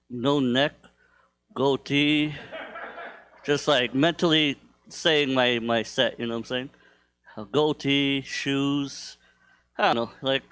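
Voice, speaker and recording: A young man doing a stand-up comedy set in a club, rambling through stories with lots of fillers and self-deprecating asides. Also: pushed and bright. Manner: rambling, filler-heavy, self-deprecating, with bursts of high-pitched put-on voices.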